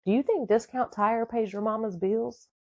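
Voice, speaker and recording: Brief: woman doing a cool, unbothered young boyfriend, slightly lower, slow, dry sound. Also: fairly even intonation, no room sound, muffled recording. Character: calm young male boyfriend, smooth talker.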